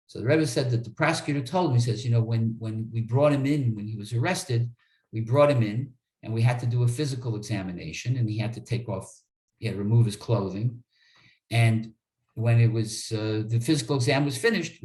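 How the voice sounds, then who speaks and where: A man's voice: medium pitch, a little fast, darkish tone. Attorney guy telling a story, earnest, keeps restarting his sentences, roomy echo around him. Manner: earnest, repeats words when starting sentences. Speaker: attorney guest. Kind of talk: interview storytelling.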